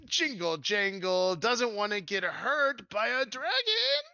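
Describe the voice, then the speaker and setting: A game master voicing a small, jittery, easily frightened male goblin with a shrill, squealing voice. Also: sing-song, slow, creaky, pushed and bright, no room sound, dull audio, full character voice. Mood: terrified.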